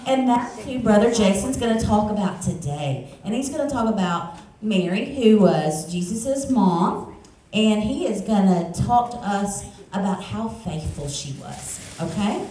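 A woman leading a children's message in church, coaxing the kids to open presents and joining them in a short prayer. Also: mid-range voice. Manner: friendly, coaxing, talking to children. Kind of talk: children's sermon with props. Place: church sanctuary. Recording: echoey church sanctuary from far off.

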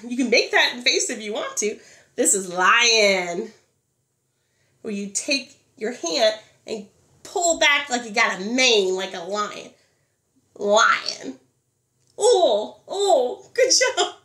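A woman leads a preschool phonics lesson in a high, bouncing voice. She talks slowly and encourages as she draws out each letter sound. Her voice carries in an echoey room. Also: animated, fairly bright tone. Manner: sing-song, encouraging, drawn-out letter sounds. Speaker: preschool teacher.

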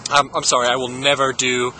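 A man's voice: medium pitch, little pitch movement, a little fast, sharp tone, slight background noise. A young man vlogging in a goofy, rambling comedic impression style, with lots of silly tangents and giggling. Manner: giggles often.

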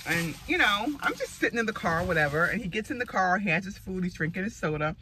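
Bright-voiced chatty woman in her forties. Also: lowish voice, expressive, fast, few pauses, slight background noise, low-quality recording. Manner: chatty, rambling, laughs often. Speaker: vlogger. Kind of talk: casual chat.

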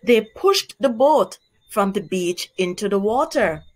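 A woman teacher reading a storybook aloud to young children in a slow, expressive way. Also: mid-range voice.

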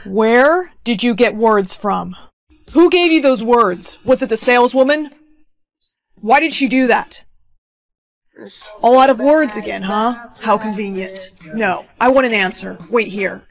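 A woman's voice: a little high, measured pace. A woman playing a controlling, suspicious boyfriend. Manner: suspicious, demanding. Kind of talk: POV skit acting.

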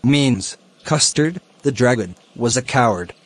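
A man teaching a poem, explaining its lines and word meanings slowly and deliberately. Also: medium pitch, lively intonation. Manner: slow, deliberate, glossing words one by one. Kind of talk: educational explanation.

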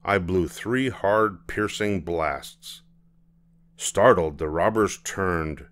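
Slow, deep-voiced older male storyteller. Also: fairly bright tone. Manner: unhurried, measured storytelling. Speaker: storyteller reading a children's book. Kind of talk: reading a picture book aloud.

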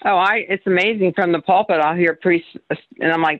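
A workshop participant shares their experience earnestly, and their pitch leaps up and drops for emphasis. The sound is dull and lo-fi, as if it came through a weak connection. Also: fairly even intonation, a little fast, fairly bright tone. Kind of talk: personal sharing in a group workshop.

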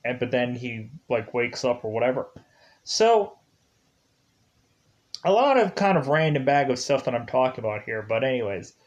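A man's voice: mid-range voice, animated, normal speed, pauses often, dull audio. A man giving a casual film review, rambling along with lots of fillers and chuckling as he retells scenes.

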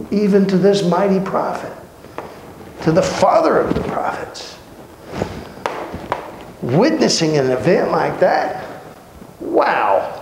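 A man teaching a Bible study, telling the stories with lively acted-out dialogue. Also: sits high. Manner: animated storytelling, acting out dialogue in voices. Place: church hall. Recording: echoey room with background noise.

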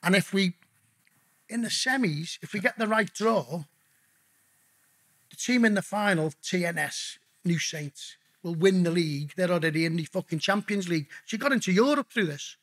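A man's voice: sits high, normal speed, fairly bright tone. A middle-aged man telling stories as a podcast guest in a blunt, casual way, swearing constantly and calling the host mate. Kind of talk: casual storytelling interview.

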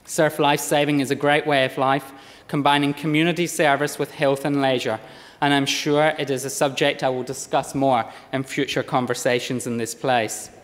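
A man's voice: mid-range voice, flat delivery. Scottish-accented man giving a parliamentary speech. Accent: lowland Scottish, softened by Australia. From Scotland. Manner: measured, read-out oratory with occasional slips. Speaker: member of parliament. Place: parliament chamber. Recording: long reverb of a large chamber.

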